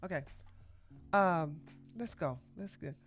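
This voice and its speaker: Speaking slowly at a fairly low pitch, a woman hosts a livestream podcast with casual, blunt commentary. She laughs a lot and reads viewer donations aloud.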